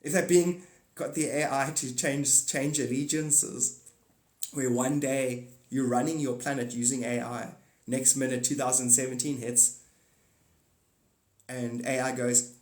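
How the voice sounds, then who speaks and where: A man's voice: medium pitch, fairly even intonation, measured pace, darkish tone. A man hosting a livestream, rambling through a monologue and answering chat comments aloud. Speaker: livestream host. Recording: echoey room.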